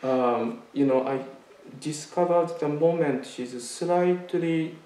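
A man giving a Zen dharma talk, telling a personal story in a halting way with many fillers and restarts. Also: a little high, mellow. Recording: echoey room, mic at a distance.

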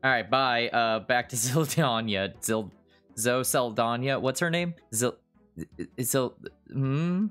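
A man's voice: mid-range voice, slow, fairly bright tone, smooth, soft background music. A man giving casual, self-mocking gameplay commentary at his computer, sarcastic and swearing often. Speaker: video game streamer.

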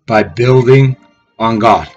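A man preaching from scripture in a fiery, profane way, swinging between shouted tirades and low mocking murmurs. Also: takes it slowly, slightly rough, lo-fi sound, soft background music. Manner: swears heavily. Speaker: street preacher.

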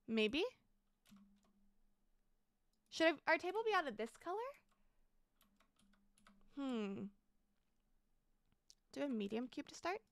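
A young woman streaming a building game, chatting casually and bubbly, thanking viewers with excited exclamations. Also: a little high, gravelly, smooth, dry recording.

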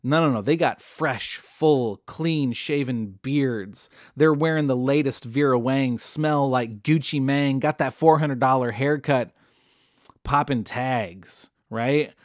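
A man's voice: medium pitch, takes it slowly, no echo, clean studio sound. A man telling a Bible story in a casual, jokey way, full of modern slang. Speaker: Bible teacher.

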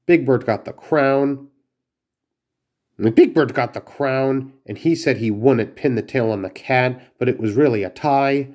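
A man's voice: medium pitch, normal speed, few pauses, a little mellow. A man reading a children's storybook aloud, carefully, with small slips and restarts. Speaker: narrator.

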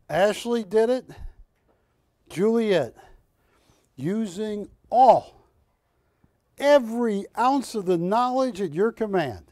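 High-voiced, joking TV sales host. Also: male voice, no room sound, studio quality. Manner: joking, animated, teasing co-hosts. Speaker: shopping channel host. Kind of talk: live sales pitch.

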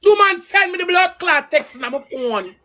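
A woman's voice: extremely high pitch, animated, moderate pace, noisy background. A woman with a Jamaican accent ranting angrily on a livestream, cursing and swooping up and down as she talks. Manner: angry, cursing, loud and swooping. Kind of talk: heated livestream rant.

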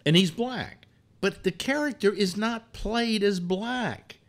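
Rambling, halting male call-in host. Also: high-pitched. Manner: rambling, halting with many restarts. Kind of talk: casual call-in chat.

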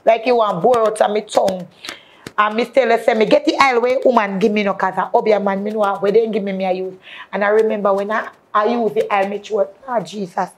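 A woman's voice: medium pitch, fairly even intonation, a little fast. A woman with a Jamaican accent sharing an emotional personal testimony in patois and often calling out to the faithful. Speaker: guest.

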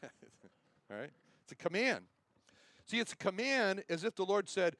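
Emphatic high-voiced man preaching. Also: very animated, measured pace, long pauses, a bit bright, dry recording. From United States. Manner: emphatic, repeats verse references. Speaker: Bible teacher. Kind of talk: sermon. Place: chapel.

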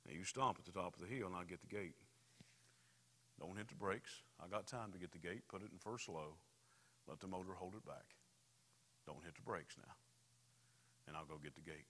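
A preacher doing a quiet, patient farmer dad. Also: male voice, sits low, normal speed, long pauses, breathy edge, exaggerated voice. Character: patient farmer father teaching his young son. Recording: reverberant church hall.

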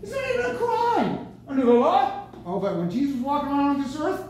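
A man preaching a lively sermon at a senior center, bursting out with excited exclamations. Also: very high-pitched, fast. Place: senior center meeting room. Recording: very echoey room, mic from far off, faint noise.

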